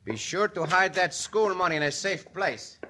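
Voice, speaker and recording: A gallant caballero. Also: male voice, high-pitched, animated, normal speed, bright, forceful tone. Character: dashing Mexican caballero hero, grown man. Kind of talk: 1950s radio western acting. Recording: hissy old radio transcription.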